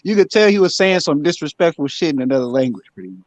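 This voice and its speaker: Man panelist, high-ish and laughing, dry lo-fi audio. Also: very animated, fast talker, dry recording. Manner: laughing, slangy, profane. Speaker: panelist on an online boxing chat. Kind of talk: casual group chat.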